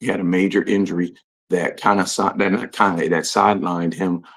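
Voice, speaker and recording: A man hosting a casual livestream, reading out commenters' names and greeting them in relaxed, slangy talk. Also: deep voice, a little fast. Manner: shouting out commenters, laid-back slangy talk. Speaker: livestream host. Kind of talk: casual live-stream chat.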